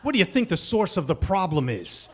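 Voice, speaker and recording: A man voicing a pushy young male campus reporter who fires off hurried questions while on deadline. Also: high voice, big pitch swings, a bit bright, slight background noise.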